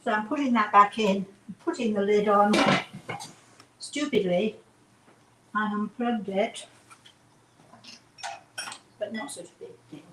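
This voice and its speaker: English woman hosting a home cooking show, rambling and self-mocking, soft clatter of pots in the kitchen. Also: mid-range voice, slow, pauses often, background noise. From England. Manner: chatty, rambling, self-deprecating asides. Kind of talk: casual home cooking demonstration.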